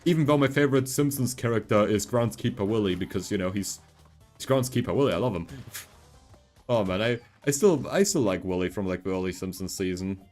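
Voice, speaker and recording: A man's voice: fairly low pitch, animated, brisk, a little mellow, faint music behind. Rambling male streamer, non-native English. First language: not English. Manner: rambling, thinking aloud with many fillers. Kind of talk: casual gaming stream chat.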